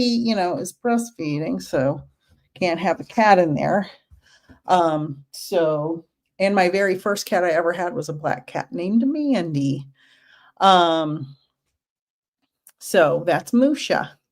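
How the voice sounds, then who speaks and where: A woman in her fifties with a rather low voice hosts a casual livestream as a spiritual medium. She speaks gently and reassuringly, dropping in chatty asides.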